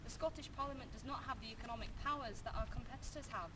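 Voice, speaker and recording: A woman reading aloud as a party deputy leader, in a rapid read-aloud delivery. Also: fairly high pitch, natural voice. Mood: earnest. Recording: distant mic with background noise.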